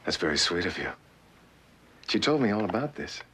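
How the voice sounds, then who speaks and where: An overly courteous middle-aged father in a TV drama, with a lowish but bright, forceful voice. He sounds gentle and polite, with a brittle edge. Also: sing-song, moderate pace, breathy edge, full character voice.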